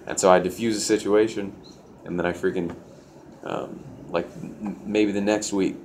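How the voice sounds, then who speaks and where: A man's voice: sits low, fairly even intonation, normal speed, a little mellow, a little hiss or hum. A young man telling a personal story in a loose, profane way, full of "like" fillers. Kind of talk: casual storytelling.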